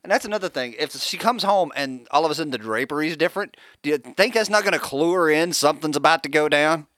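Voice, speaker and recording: A man with a fairly high, bright voice keeps up a stream of wisecracks and quick reactions on a casual chat show. His pitch moves around a lot, and the sound is dry with no room echo. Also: lively intonation. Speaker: podcast co-host.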